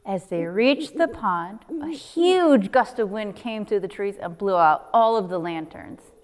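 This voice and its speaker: A woman's voice: medium pitch, animated, unhurried, darkish tone, big-room sound. A woman, a nature center coordinator, reading a children's book aloud expressively with sound effects.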